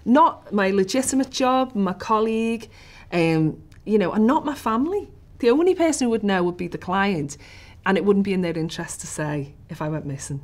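A woman's voice: mid-range voice, expressive, moderate pace, darkish tone. A woman with a Liverpool accent, recounting a tense personal story in an interview, dropping to whispers at the scariest moments. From Liverpool, England.

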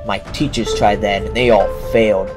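A man's voice: on the low side, fairly even intonation, normal speed. Young man complaining through a game. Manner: joking, complaining, talks back to the game. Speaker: gameplay commentator. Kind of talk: let's play commentary. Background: game music.

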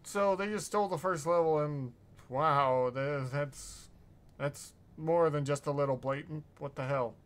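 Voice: mid-range voice, measured pace. A streamer reacting to a video in casual commentary, often incredulous and exclaiming.

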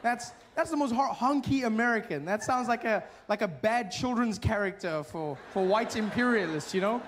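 A male stand-up comedian riffing playfully, full of questions and animated asides. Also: sits high, moderate pace.

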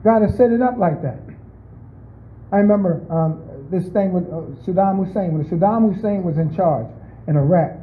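Man preaching, high voice, calls on listeners by name, asks the room questions, tinny phone-like sound. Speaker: pastor. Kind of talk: conversational sermon.

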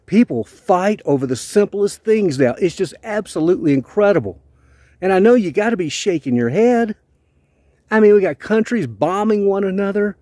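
A man's voice: high-pitched, animated, moderate pace, darkish tone, no echo. A man from the United States speaking an earnest, heartfelt video letter in a plainspoken, questioning way. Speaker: vlogger.

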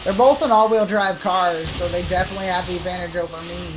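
A woman's voice: lowish voice, quick pace, hardly any pauses, poor audio. Foul-mouthed woman streaming a racing game. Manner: profane, excitable, trash-talking. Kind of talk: live gameplay commentary. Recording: game music underneath.

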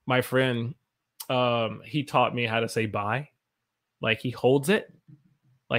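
A man's voice: mid-range voice, unhurried. Playful American man teaching on a livestream. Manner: playful, jokey, laughs often; reads viewer comments aloud. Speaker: English teacher. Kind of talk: casual livestream lesson. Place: home room.

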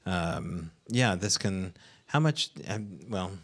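Male host, low pitch, curious interviewer who keeps things casual. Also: animated, slow, a bit bright. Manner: curious, prompting questions, short reactions. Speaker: podcast host. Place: historic castle hotel event room.

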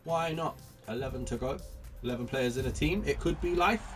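A man commentating his own video game pack openings, chatty and excitable, greeting each new card like a friend. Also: medium pitch, fairly quick, recorded from a distance, faint music behind. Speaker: gaming YouTuber.

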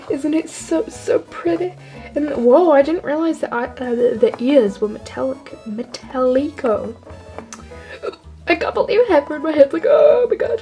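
A woman's voice: high-pitched, warm tone, low-quality recording. A teenage girl vlogger gushing and rambling as she unboxes toy figures from a trade package. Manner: gushing, rambling, lots of "like" and "oh my gosh". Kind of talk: excited unboxing haul.

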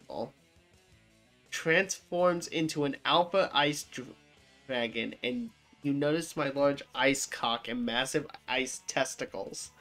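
A comedic narrator reading chat screenshots aloud, acting out both sides with wild pitch jumps and dry deadpan asides. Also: slow, soft background music.

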